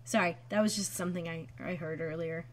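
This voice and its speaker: A woman's voice: lowish voice, fairly even intonation, brisk. A woman co-hosting a podcast in casual chat from a home room, giggly and prone to playful tangents. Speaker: podcast co-host. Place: home room being moved out of.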